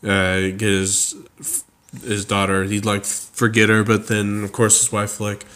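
Guy kinda low voice, rambling w lots of likes and ums, casual chat about a character. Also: completely flat delivery, a bit bright. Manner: halting, many fillers and restarts. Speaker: co-creator describing a character.

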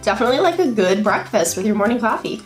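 A woman's voice: fairly high pitch, very animated, fast talker. A woman guest co-hosting a casual taste test, playful and giggly as she tries each snack. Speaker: guest co-host. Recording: echoey room with faint music.

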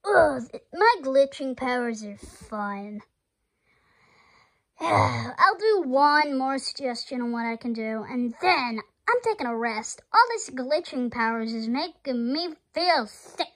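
Woman as a chatty glitch-cat toy monster, high lively voice, unhurried. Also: heavily acted, rough recording. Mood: curious. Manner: chatty, wondering aloud. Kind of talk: toy movie voice acting.

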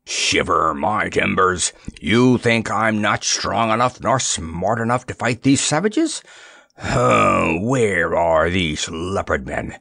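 A man voicing a blustering former pirate captain in a storybook, talking gruffly in old sea slang. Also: fairly low pitch, huge pitch swings, measured pace, dry recording, studio quality, exaggerated voice.

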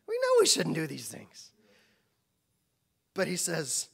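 A man's voice: a little high, huge pitch swings, takes it slowly, vocal fry, pauses often, husky. A man preaching a sermon as pastor, impassioned and full of rhetorical questions.

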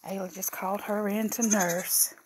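A woman's voice: mid-range voice, flat delivery, moderate pace, noisy background. A woman who breeds goats, chatting casually and cooing affectionately to her animals. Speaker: goat breeder and vlogger.

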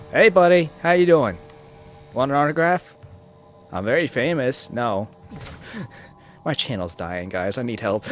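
A man casually commenting on his gameplay, joking and swearing and reacting loudly to scares. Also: on the low side. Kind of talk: casual let's-play commentary.

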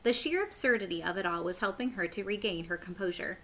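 A woman teacher reading a chapter book aloud to children in a friendly, clear way. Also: mid-range voice, fast talker, fairly bright tone, a little hiss or hum, poor audio. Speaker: elementary school teacher.

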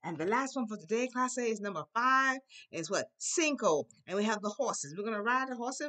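A woman teaching a Spanish class to young children, leading songs and call-and-response in a lively, sing-song way. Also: mid-range voice, moderate pace. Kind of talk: children's language lesson.

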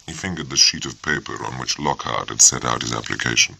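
A man narrating an audiobook in a measured, steady storytelling manner, close to the mic. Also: rumbling low, creaky, husky, no room sound. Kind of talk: scripted narration.

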